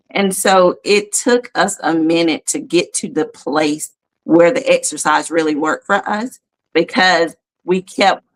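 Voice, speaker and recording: A woman hosting a podcast, chatting casually and telling a personal story with animated, rising quotes. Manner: animated, storytelling, rises high when quoting herself. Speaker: podcast host.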